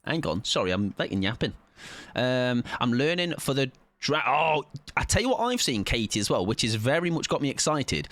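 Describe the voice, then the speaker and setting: A man's voice: mid-range voice, sing-song, normal speed, fairly bright tone, no room sound. A man streaming a game, reading out chat and rambling casually with swearing and laughs. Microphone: desk mic at his PC.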